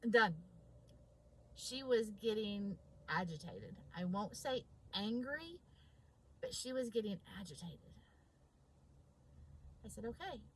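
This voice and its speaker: A woman's voice: mid-range voice, big pitch swings, slow pace, long pauses, a little hiss or hum, poor audio. A woman vlogger telling a personal story, acting out both sides of a conversation with emphasis. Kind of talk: storytelling vlog.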